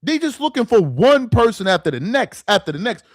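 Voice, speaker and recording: High-voiced man in an exasperated rant. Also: big pitch swings, fairly quick, few pauses, no echo. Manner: exasperated, repeats phrases for emphasis. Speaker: sports commentary channel host. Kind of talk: ranting commentary to camera.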